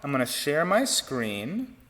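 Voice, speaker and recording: A man giving an online choir lesson, explaining breath and vowel shape in a relaxed teaching manner. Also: a little high, slow, long reverb tail. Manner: relaxed teaching talk with sung demonstrations. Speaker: choir director. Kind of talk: online vocal technique lesson.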